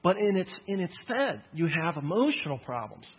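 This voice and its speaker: A man in his thirties giving a Christian apologetics talk to an audience, lively and acting out the voices he quotes. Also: high voice, normal speed, husky. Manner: animated, acts out quoted voices. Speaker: Christian speaker. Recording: dull lo-fi sound.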